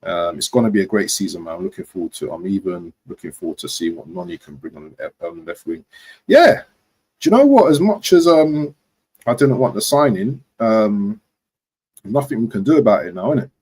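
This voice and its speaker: A man's voice: low-pitched, fairly quick, a little mellow, husky, poor audio. A young man chatting casually about football transfers on a live stream, rambling and slangy. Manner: rambling slangy, frequent "do you know what". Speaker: football vlogger.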